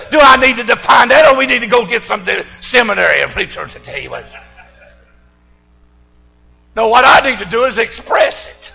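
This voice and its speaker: High, gravelly preacher man. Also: expressive, fast talker, few pauses, faint music behind, low-quality recording. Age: older. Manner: exuberant, shouting and whooping. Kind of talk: fiery sermon. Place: church service.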